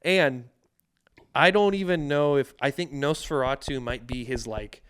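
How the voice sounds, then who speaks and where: Casual male podcast co-host, smooth clear voice, rambles with lots of restarts and swearing. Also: medium pitch, unhurried, fairly bright tone. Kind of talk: casual chat.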